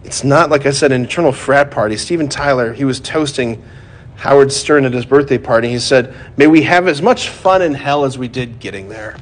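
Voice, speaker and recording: Speaking fairly quickly at medium pitch, this preacher keeps his sermon conversational, peppered with "like" and "right?". He swings between joking asides and quiet, solemn emphasis.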